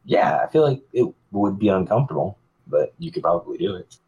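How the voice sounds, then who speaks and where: A man's voice: low voice, sing-song, fairly quick, a little mellow, breathy edge, highs cut off. A man co-hosting a casual podcast, bantering and laughing easily. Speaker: podcast co-host.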